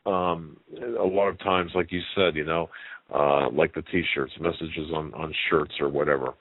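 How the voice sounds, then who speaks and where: Male call-in radio host, very low voice, halting delivery, thin phone-line sound. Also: steady tone, dry recording. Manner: halting, many restarts and fillers.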